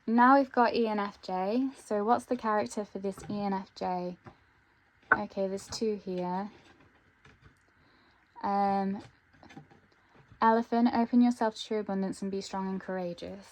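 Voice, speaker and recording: A woman giving an intuitive tarot reading, thinking aloud with frequent pauses and ums. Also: medium pitch, fairly even intonation, a little hiss or hum. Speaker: tarot reader.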